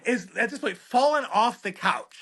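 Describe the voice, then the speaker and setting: A middle-aged man, a veterinarian, telling a comic story in an interview in an animated, self-deprecating way and acting out the dialogue. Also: extremely high pitch, normal speed, husky. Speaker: veterinarian, podcast guest.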